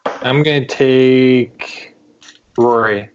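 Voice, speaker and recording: Slow, laid-back male podcast co-host. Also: medium pitch, steady tone. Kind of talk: casual sports podcast chat. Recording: dull lo-fi sound with faint noise.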